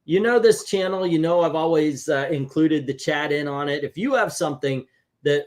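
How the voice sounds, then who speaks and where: A chatty man hosting a comic book review show, animated and quick to laugh. His voice sits a little higher than most men's. He talks things over casually with a co-host.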